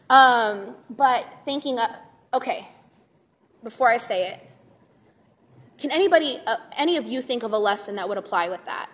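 A woman Sunday school teacher giving a chatty, animated workshop talk to a live group, full of fillers. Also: sits high, moderate pace, pauses often.

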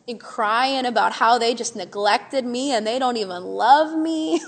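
A woman teaches a live group of church workers in a relaxed, chatty way, animated and full of fillers. Her voice sits fairly high. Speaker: Sunday school teacher giving a workshop. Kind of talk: casual talk to a live group.

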